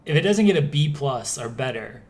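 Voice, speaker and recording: Easygoing man pitching ideas on a stream. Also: lively intonation, a little fast. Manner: loose, rambling, with frequent laughs and fillers. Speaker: co-host. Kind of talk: casual chat while playing a game.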